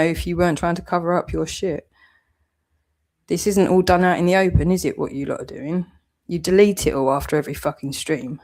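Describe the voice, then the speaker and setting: A woman's voice: deep voice, darkish tone. A British woman with a southeast English accent, delivering a heated, accusatory vlog rant full of swearing. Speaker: channel owner.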